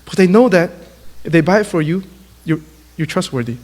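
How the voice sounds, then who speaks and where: High-voiced man preaching in a reverberant hall. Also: a little fast. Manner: animated storytelling, acts out quotes. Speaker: youth speaker. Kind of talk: sermon to young people.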